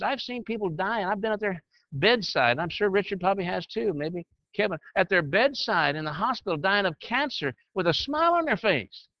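This older man's voice sits high, with no room sound in the dry, muffled lo-fi recording. Teaching a group informally, the counselor and teacher of church leaders speaks in a folksy, conversational manner that slides into sermonizing.

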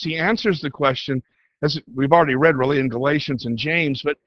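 A man preaching a sermon, reading scripture aloud and pressing each question with rising, slowing emphasis. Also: on the high side, no echo, highs cut off.

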